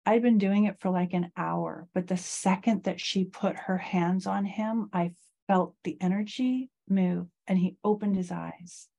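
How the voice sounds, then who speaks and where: Slow, low-voiced woman telling a grief story. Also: steady tone, gravelly, mellow. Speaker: guest. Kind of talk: personal storytelling in an interview.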